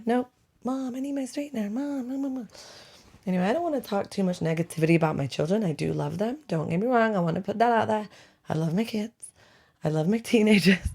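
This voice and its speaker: A woman's voice: on the low side, creaky, dark tone. A middle-aged woman hosting a casual podcast from her bedroom, chatty and self-deprecating, laughing often. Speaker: podcast host. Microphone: home podcast mic.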